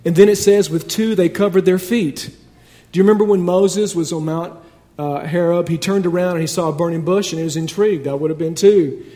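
A man's voice: high-pitched, a little fast, warm tone. A man preaching a sermon in a conversational but emphatic way, building points through repetition.

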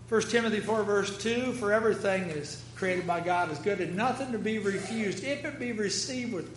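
A man's voice: high-pitched, a little hiss or hum. A man preaching a sermon, emphatic, quoting scripture and dropping wry jokes.

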